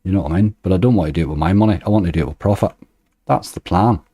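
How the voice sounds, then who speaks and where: A man running a casual slots livestream chats loosely and reads viewers' messages aloud into a desk microphone. His voice is low, warm and slightly rough, and he talks at a racing pace. The recording is dry and studio quality.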